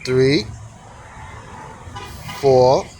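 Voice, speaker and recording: A man's voice: medium pitch, extremely slow, warm tone, a little hiss or hum. A man teaching on camera in a casual, easygoing, informal way. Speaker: calligraphy teacher.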